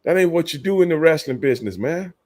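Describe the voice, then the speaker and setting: A former wrestler talks fast on his casual livestream, his fairly high voice expressive and darkish. He speaks to viewers by name, swears bluntly, and laughs often.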